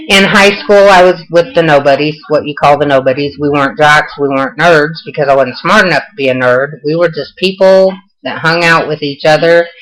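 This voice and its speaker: On a rough recording, an older woman with a low-leaning voice and a Southern US accent chats casually in her home vlog. She answers questions folksily and pokes fun at herself.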